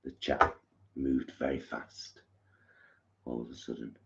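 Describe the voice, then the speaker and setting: A man's voice: rumbling low, little pitch movement, unhurried, gravelly, pushed and bright. A man co-hosting a live stream from his living room, chatting frankly and reading out viewer comments with plenty of fillers. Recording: dull lo-fi live stream audio.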